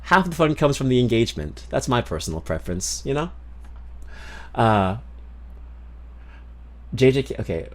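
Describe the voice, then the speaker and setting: A male streamer talks off the cuff to his viewers, rambling from thought to thought and swearing freely. His voice sits in an ordinary middle pitch. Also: big pitch swings, normal speed, pauses often, a little mellow. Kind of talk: casual livestream chat.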